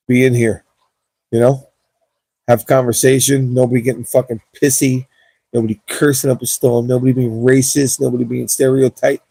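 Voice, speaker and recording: A laid-back young man winds down his gaming livestream, rambling and swearing freely into a cheap wireless mic. His voice is gravelly and warm, a little husky, and the sound is dry and close with no room behind it. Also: mid-range voice, dry recording. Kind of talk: casual livestream chat.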